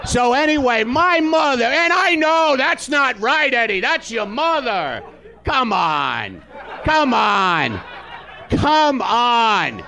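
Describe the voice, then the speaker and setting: A man tears into a stand-up rant. His voice sits very high and sounds forceful and sharp. He is loud, profane and exasperated throughout. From New York. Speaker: comedian guest. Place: live comedy theater stage.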